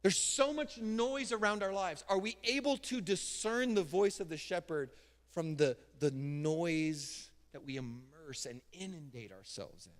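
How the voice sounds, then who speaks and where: A man pastor preaching a sermon from a church stage, casual and emphatic, with sudden loud bursts. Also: fairly high pitch, expressive, measured pace. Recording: long hall reverb in a church.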